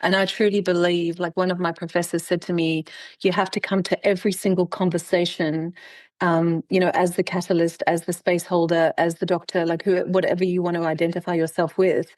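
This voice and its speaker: A woman's voice: lowish voice, a little fast, dry recording. A middle-aged woman hosting a casual chat, telling stories animatedly and acting out quoted exchanges, with frequent restarts. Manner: animated storyteller, acts out quoted exchanges with bursts of laughter; many restarts and repeated words. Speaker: podcast host.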